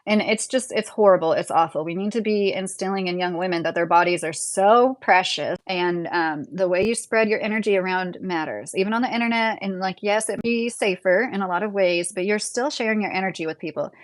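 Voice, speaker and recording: A woman's voice: mid-range voice, a little fast, hardly any pauses. A woman in her late thirties hosting a live stream, talking casually and bluntly as she answers her chat. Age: 30s. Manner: opinionated, blunt, talks straight to commenters. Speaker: livestream host reading chat.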